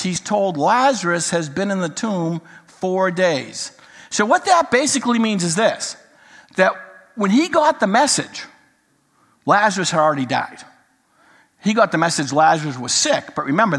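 An older man, a grandfather, preaching a sermon and mixing humorous stories with Bible teaching. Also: fairly high pitch. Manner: storytelling, jokes then teaching, animated quoting. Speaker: pastor. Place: church sanctuary. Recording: long hall reverb.

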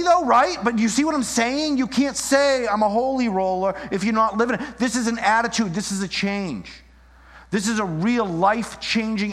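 Animated preacher in an echoing hall. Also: male voice, high-pitched. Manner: animated, acts out scenes in different voices. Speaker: pastor. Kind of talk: sermon. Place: church. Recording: long reverb in a hall.

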